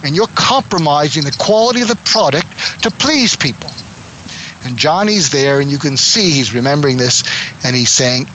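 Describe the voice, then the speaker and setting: Man, impression of a tech founder, blunt, profane, boastful, slightly high voice, video call. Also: lively intonation, normal speed, fairly bright tone, slight background noise, poor audio. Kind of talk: improvised role-play talk.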